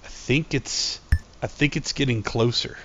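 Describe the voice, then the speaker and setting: A man's voice: medium pitch, unhurried, a bit bright, lo-fi sound, a little hiss or hum. A man chatting casually and goofily on a live game stream. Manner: goofy, rambling, playful voices.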